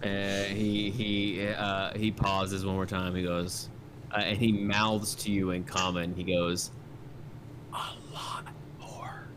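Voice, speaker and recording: A man with a low voice narrates a tabletop game as its game master. He rambles casually and fills his sentences with "like" and "uh". A faint hiss sits under the recording. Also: flat delivery, slow pace. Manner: casual, rambling with many fillers.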